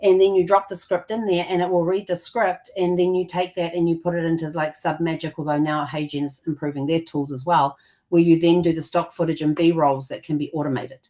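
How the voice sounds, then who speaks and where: A woman co-hosting a casual conversation with a somewhat low voice. She explains in long, loose runs, trailing off and restarting often. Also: flat delivery, a little fast, dark tone. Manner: rambling, with many fillers and restarts. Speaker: co-host.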